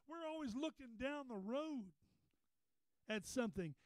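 Man, high-pitched voice, folksy sermon storytelling, stumbling repeats, dry room. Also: lively intonation, a little slow, long pauses, dry recording, poor audio. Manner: folksy, repeats words, rises to a preaching pitch. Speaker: pastor. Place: Bible study meeting room.

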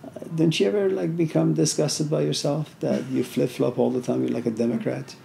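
A man's voice: on the high side, little pitch movement, a little fast, gravelly, background noise. A man giving an informal philosophy lecture, talking conversationally with many "you know"s and story asides.

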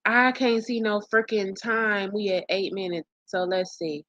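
Woman, slow talker, bright voice, reaction commentary host, exclaims a lot. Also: mid-range voice, muffled recording.

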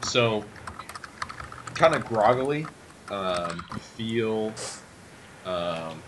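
A man running a tabletop game as game master, narrating scenes with frequent ums and pauses. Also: lowish voice, expressive, noisy background. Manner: hesitant, many ums while describing scenes.

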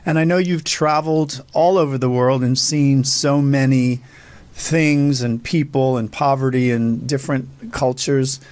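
A male host asking calm, reflective interview questions. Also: medium pitch, a little slow, no echo. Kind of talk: interview conversation.

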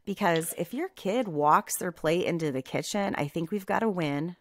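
A woman's voice: on the low side, normal speed. A woman in her thirties, a podcast co-host, talking casually about parenting and acting out what she tells her kids.

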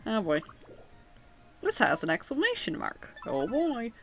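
A woman's voice: fairly high pitch, wildly swooping pitch, measured pace, creaky, a bit bright, soft background music. A woman giving casual, joking commentary as she plays a video game, often laughing and reading game text aloud. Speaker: video game let's player.

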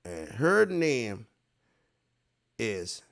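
A man's voice: on the low side, very animated, very slow, gravelly. A man hosting a casual online livestream, talking straight to his viewers in a rambling, profane way and repeating himself for emphasis. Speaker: online show host.

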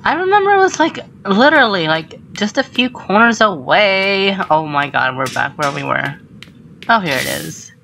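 A woman commenting on her own gameplay, excitable and swearing, with startled shrieks. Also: medium pitch, normal speed, creaky, a little hiss or hum, rough recording. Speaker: gamer. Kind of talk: let's play commentary.

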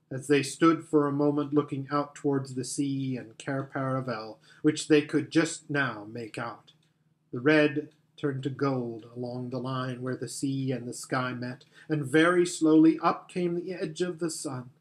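Slow, gentle male storybook narrator. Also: medium pitch, steady tone. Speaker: audiobook narrator. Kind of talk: scripted narration.

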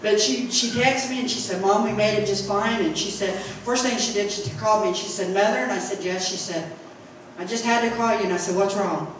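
A woman's voice: mid-range voice, fairly quick. A middle-aged woman with a Southern Indiana accent giving a folksy church testimony, acting out quotes and laughing often as she tells her story in the sanctuary. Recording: echoey church from far off, noisy.

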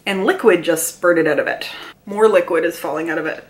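A woman reviewing a beauty product in a casual, chatty way, reading details aloud with quick asides while sitting at home with a mild cold. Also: lowish voice. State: mild cold, mouth breathing. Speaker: beauty vlogger.

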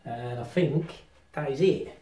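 A man, vlogging casually as he sets up VR at home and talks to himself excitedly. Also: medium pitch, slow pace, distant mic. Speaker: tech vlogger. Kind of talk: casual vlog commentary while setting up VR. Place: house with rooms on two floors. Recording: roomy home room, voice often off-mic.

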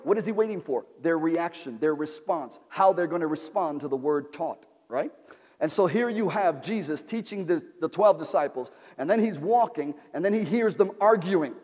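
A man preaching a sermon as pastor, with repetitive call-and-response phrasing that builds to shouts. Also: fairly high pitch, animated, moderate pace. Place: large church sanctuary. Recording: long church-hall reverb.

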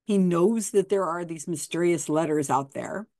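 A woman's voice: fairly low pitch, moderate pace, a little mellow, no room sound, studio quality. A woman host, explaining a story in a casual way and reading passages aloud with quoted dialogue. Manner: chatty, reads passages with quoted dialogue, frequent restarts.

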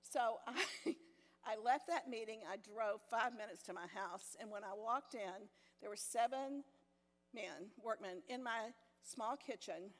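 An older woman teaching a women's Bible study, telling a personal story with self-deprecating humor and frequent laughs. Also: on the high side. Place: church meeting hall. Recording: long hall reverb in a church.

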